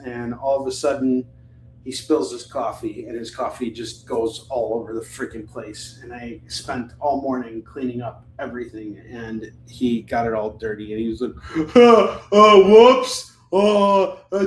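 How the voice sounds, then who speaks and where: A man's voice: medium pitch, roomy sound, a little hiss or hum, poor audio. A man hosting a live comic book sales stream, chatting casually in a rambling, jokey way.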